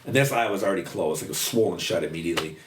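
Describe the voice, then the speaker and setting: A man with a very deep voice tells his story in a loose, rambling way, swearing often and leaning on "like." He sits back from the mic in an echoey room with a faint hum of noise behind him. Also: racing. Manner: rambling, profane, heavy use of "like". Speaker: podcast guest. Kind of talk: candid storytelling about addiction. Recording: roomy, distant mic, faint background noise.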